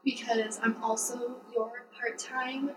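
A woman chatting casually on a podcast, explaining things in a lively, talkative way and laughing often. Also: on the high side, slow pace, reverberant, recorded from a distance, music in the background, low-quality recording. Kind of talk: casual conversational chat.

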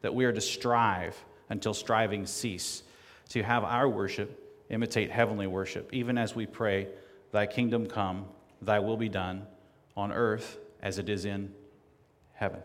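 A man preaching a sermon and reading scripture aloud, rising to loud emphatic declamation. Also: fairly low pitch, fairly even intonation, a little slow. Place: church sanctuary. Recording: long hall reverb.

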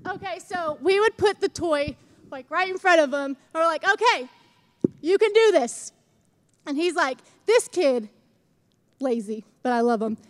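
With a high voice at a normal pace, a young woman preaches to a church congregation, acting out short stories in a chatty, energetic style.

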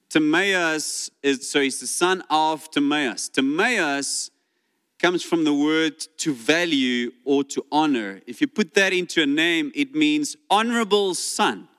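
A man preaching a sermon in a church, animated and acting out voices as he retells the story. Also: fairly high pitch, clear, resonant tone. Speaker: pastor. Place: church sanctuary. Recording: long hall reverb.

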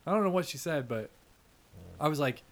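A man's voice: a little high, expressive, fairly quick. Joking man telling a story to friends. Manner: jokey, teasing, acts out quotes. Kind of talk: casual chat among friends.

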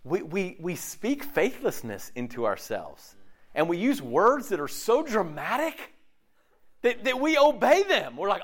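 Animated high-voiced man leading a discussion. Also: unhurried. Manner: animated, peppered with rhetorical "okay?". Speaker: discussion leader. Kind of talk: preachy group talk.

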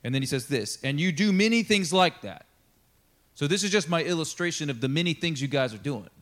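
A man's voice: on the high side, a little fast. A man preaching a casual, conversational sermon as a church pastor, acting out little quotes with asides. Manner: conversational, animated, acts out quotes with laughs and asides. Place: church sanctuary.

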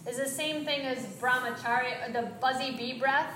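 A woman teaching yoga breathing, giving gentle, encouraging cues with quick asides. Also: high-pitched, fairly even intonation, roomy sound, noisy background. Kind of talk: guided breathing instruction.

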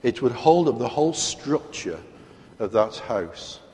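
Preaching in a vast church hall, this British man sounds very animated yet a little slow, with a mid-range, darkish voice. His delivery is emphatic, full of rhetorical questions to the congregation, all carried by long reverb.

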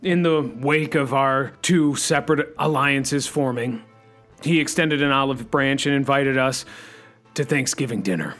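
A man playing an overexcited talk-radio host who says "freaking" constantly and leaps up in pitch. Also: measured pace, a bit bright, soft background music, close to an everyday voice. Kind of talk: comedy radio-show sketch.

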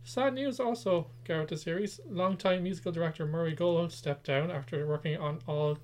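Man, slightly high voice, podcast co-host; relaxed chat, reads news then teases his partner. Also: normal speed. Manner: reads news items, then chats with wry asides. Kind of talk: casual pop-culture chat.

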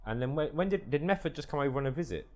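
A man's voice: fairly high pitch, lively intonation, rapid-fire, a little mellow. A male interviewer in casual chat, prompting with questions and short reactions.

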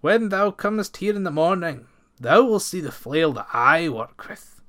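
A man's voice: on the high side, animated, unhurried, fairly bright tone, voice pushed up. A man reading the part of a big, cheerful young farmhand in a storybook, speaking boldly in old-fashioned words. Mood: confident. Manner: bold, plainspoken old-fashioned speech.

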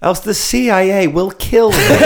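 A man's voice: sits high, vocal fry. A man co-hosting a podcast, riffing jokes and swearing in casual comedic chat. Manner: jokey, riffing, swears, puts on silly accents. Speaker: podcast co-host.

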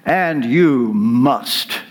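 A preacher doing the voice of an older Romanian male friend, with a Romanian accent, speaking slowly and emphatically. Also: medium pitch, expressive. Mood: insistent.

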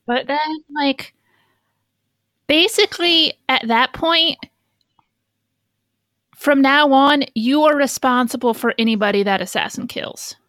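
A woman podcast co-host in casual chat, blunt and unhurried. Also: high voice, fairly bright tone, no echo.

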